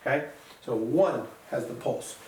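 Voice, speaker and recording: A man's voice: medium pitch, measured pace, darkish tone. Man teaching music in an echoey room. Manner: patient, sounds out beats and counts aloud. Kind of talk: classroom music lesson. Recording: echoey room, voice from a distance, faint noise.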